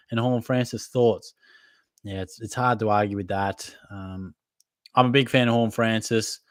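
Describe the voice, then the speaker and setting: A casual Australian man reads out viewer questions and answers them in an easy, chatty way, calling people mate. His voice sits at a middling pitch. The sound is close and dry, with no room echo. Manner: casual, matey, conversational, hedging fillers. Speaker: fantasy football podcast host.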